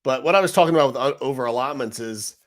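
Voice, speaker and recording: A man's voice: medium pitch, racing. A man hosting a casual livestream, talking straight to his viewers in a frustrated, rambling way. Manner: frustrated, rambling, talks to chat directly. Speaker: live stream host.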